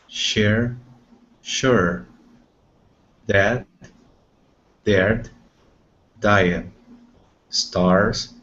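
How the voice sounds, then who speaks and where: A man's voice: lowish voice, a bit bright. A man student carefully reading word lists aloud in an online pronunciation class. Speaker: language student. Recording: muffled video call audio.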